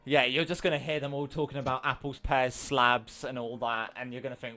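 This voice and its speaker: A man narrating a tabletop game as game master, relaxed and rambling with many pauses. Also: mid-range voice, soft background music.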